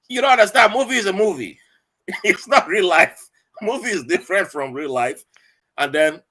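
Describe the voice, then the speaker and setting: Man, 40s, podcast guest; bright, lively storyteller. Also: a little high. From Nigeria. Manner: animated, acts out quoted voices.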